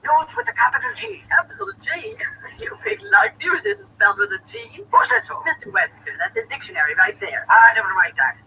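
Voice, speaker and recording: An actor playing an excitable, brash newspaperman in 1940s radio acting. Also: very high voice, fairly quick, gravelly, hardly any pauses, exaggerated voice. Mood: excited. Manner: brash, talky, exclamatory. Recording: muffled old radio broadcast with hiss.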